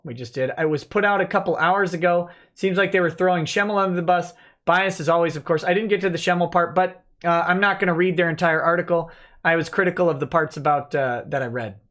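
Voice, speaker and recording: A man's voice: sits high, a little fast, fairly bright tone. Chatty man reading stream chat. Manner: reads donor messages aloud, chatty and offhand. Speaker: livestream host reading chat. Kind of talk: relaxed live-stream chat.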